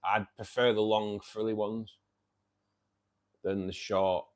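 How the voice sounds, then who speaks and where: A man's voice: fairly low pitch, level tone, slow pace. A man hosting a casual livestream. He reads out viewers' chat, says "mate" a lot and laughs often. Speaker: livestream host reading chat.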